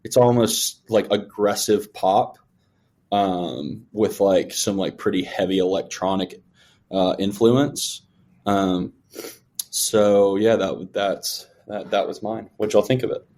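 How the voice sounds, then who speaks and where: A man's voice: fairly low pitch, slow, darkish tone. A young man co-hosting a music podcast in casual chat, rambling and acting out his own reactions. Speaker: podcast co-host.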